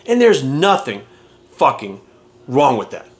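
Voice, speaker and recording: A man's voice: medium pitch, very animated, unhurried. A man talking as a fitness coach in a casual vlog rant, blunt and heavy on swearing and rhetorical questions.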